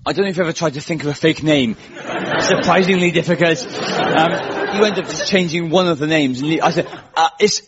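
A man's voice: on the high side, fast, over a noisy crowd. A man from Wales hosting a comedy show, telling stories in a self-mocking, wry, chatty way before a live audience. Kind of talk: stand-up storytelling. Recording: muffled live audience recording with noise.

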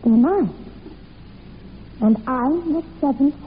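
A young woman acting in a 1940s radio drama, telling a dark family legend in an intense, breathless way. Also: sits high, slow. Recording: tinny old radio recording with faint hiss.

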